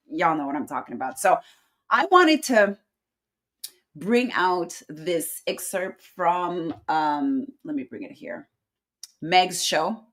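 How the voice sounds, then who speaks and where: Woman, native French speaker, middle-aged, livestream host, sassy, chatty, slightly low voice. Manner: chatty, sassy, calls viewers y'all and honey. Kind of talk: casual livestream chat.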